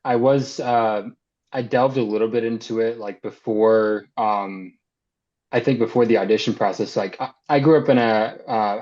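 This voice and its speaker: A man, an actor and filmmaker, chatting casually as an interview guest, easygoing and rambling, with many ums and likes. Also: on the low side. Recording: slightly dull lo-fi sound.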